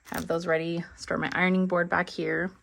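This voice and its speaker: A woman's voice: lowish voice, flat delivery, normal speed, vocal fry, a bit bright. A woman vlogger giving a casual tour of her home craft room, chatty and a little out of breath. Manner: chatty, with frequent ums and trailing asides. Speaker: cross-stitch vlogger.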